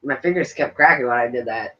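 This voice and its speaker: A man's voice: mid-range voice, quick pace, pushed and bright. Young man with dry, brief remarks. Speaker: co-host, son. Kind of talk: casual chat. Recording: dull lo-fi recording.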